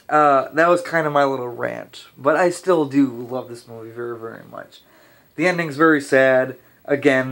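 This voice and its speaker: A young man rambling casually through a movie review, ranting a little and restarting his sentences, his voice slightly hoarse. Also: medium pitch, a bit bright.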